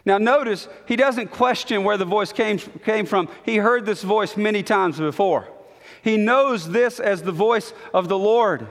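A pastor with a high, fairly bright voice delivers a sermon slowly, drawing out words, pausing dramatically and repeating lines for emphasis. The long reverb of a large church hall surrounds his voice.

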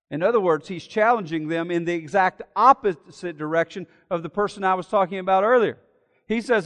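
Male preacher, high voice, impassioned sermon delivery, long hall reverb. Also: moderate pace. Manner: impassioned, rising to loud emphatic preaching.

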